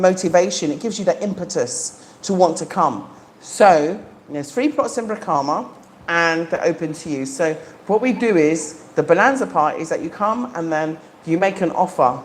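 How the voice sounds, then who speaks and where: Woman, middle-aged, live-stream host; eager, casual, lots of ums, lowish voice, faint background noise. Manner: chatty and enthusiastic, frequent ums. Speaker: livestream host. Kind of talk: casual live chat to viewers. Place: home in the Gambia.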